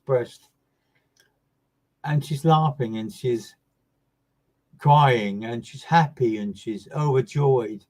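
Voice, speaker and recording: A man working as a medium, giving live online readings in a soft, soothing, repetitive way that often trails off quietly. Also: mid-range voice, low-quality recording.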